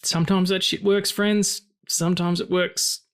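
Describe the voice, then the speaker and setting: Animated, excitable man podcaster. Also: normal speed. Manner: animated, swears often, pitch leaps when excited; passionate and emotional about stories. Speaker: podcast co-host. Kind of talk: casual film-review chat.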